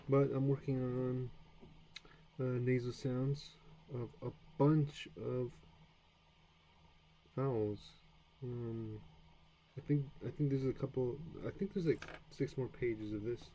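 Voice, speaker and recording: A man's voice: medium pitch, fairly even intonation, slow, long pauses, dark tone, slight background noise, poor audio. A man from the United States casually talking through his beginner French practice, rambling and self-deprecating with many fillers and restarts. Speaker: language learner streaming his practice. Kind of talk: casual self-study stream, practicing French sounds aloud.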